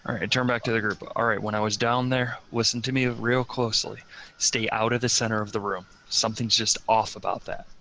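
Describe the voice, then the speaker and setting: A man playing a tabletop game, animated and joking. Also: lowish voice, a little fast, a little hiss or hum, rough recording. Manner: animated, jokey. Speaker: player. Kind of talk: casual tabletop play.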